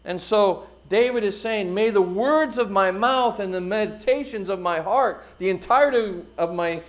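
A middle-aged man preaches from the pulpit in a fairly high voice. He pushes phrases out with force, then lets them sink to a near hush. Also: normal speed. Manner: expressive preaching, swelling loud then dropping quiet. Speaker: pastor. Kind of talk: sermon.

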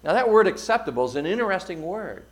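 High-voiced preaching man. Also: quick pace. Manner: expressive preaching, swelling loud then dropping quiet. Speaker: pastor. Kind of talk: sermon.

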